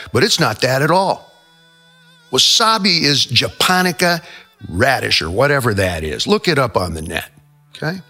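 A man's voice: mid-range voice, pushed and bright. A male show host telling rambling comic stories in a brash, profane way. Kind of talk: comic storytelling monologue.

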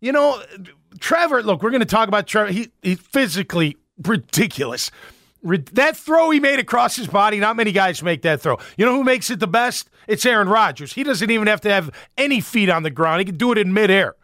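A man's voice: high-pitched, expressive, brisk, a bit bright, no echo, clean studio sound. A man hosting a sports talk show, giving fired-up, emphatic, rambling opinions.

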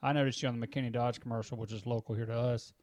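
A man's voice: mid-range voice, flat delivery, racing, darkish tone, no echo. A man hosting an interview show, steering the questions in an organized way. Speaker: host.

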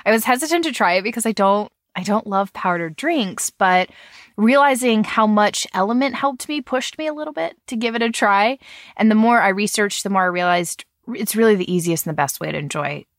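A woman's voice: medium pitch, lively intonation, fairly quick, no room sound. Chatty woman host, slightly nasal, dry sound. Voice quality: a little nasal from a cold. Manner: chatty, with fillers and light laughs. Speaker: podcast host. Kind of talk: casual podcast chat with a sponsor read.

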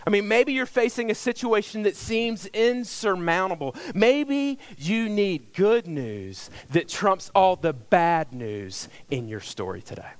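A middle-aged male pastor preaches a sermon, telling a personal story conversationally and swinging from loud emphasis to hushed, almost whispered lines. His voice is high-pitched, and the recording is dry.

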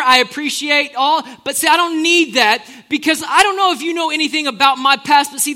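Man voicing a swaggering teenage shepherd hero: high, bright, boastful, street-casual. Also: heavily acted. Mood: earnest. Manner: swaggering, casual slang, rising to shouts. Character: brash confident teenage shepherd boy, trash-talking.

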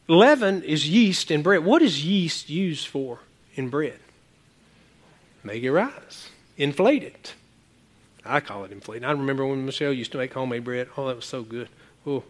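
A man preaching a sermon as a pastor, animated and rambling, often repeating words and swinging between loud exclamations and quiet asides. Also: on the high side.

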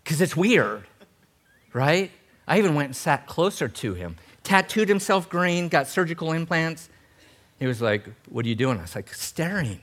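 A middle-aged male pastor preaching a sermon in an animated, humorous way, swinging between loud emphasis and soft tender passages. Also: fairly high pitch, moderate pace.

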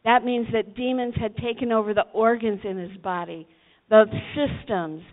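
A woman's voice: on the high side, steady tone, moderate pace. A woman preaching a sermon to teenagers, telling the story dramatically and acting out the voices. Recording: tinny phone-like recording.

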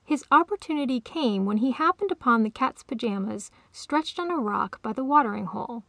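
A woman author reading her own short story aloud in a calm, even storytelling manner. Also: on the high side, brisk, gravelly, no echo, clean studio sound. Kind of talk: storybook narration.

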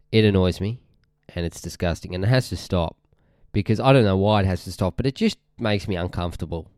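A young Australian man hosts his own podcast, ranting in a rambling, swearing, easily irritated way. His voice sits very low and sounds smooth and resonant. The recording is close and dry, with no room sound. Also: brisk, darkish tone, dry recording. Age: young adult. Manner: rambling, irritated, sweary, often trails off mid-sentence. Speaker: podcast host. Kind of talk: casual ranting monologue.

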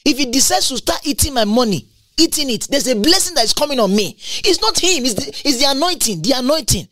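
A preacher delivering a sermon, emphatic and repetitive, with big leaps up and down in pitch and bursts of tongues. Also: lively intonation, quick pace, a bit bright, dry recording, studio quality.

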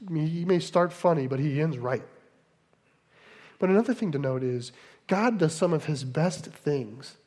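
High-voiced male pastor in a reverberant hall. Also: a little mellow. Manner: conversational teaching with frequent asides. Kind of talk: sermon. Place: church hall in Delaware.

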